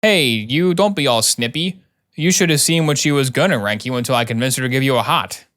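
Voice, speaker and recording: A man's voice: medium pitch, brisk, natural voice. A man reading as a sarcastic doctor. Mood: sardonic. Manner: sardonic, mocking deadpan. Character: sarcastic middle-aged male doctor.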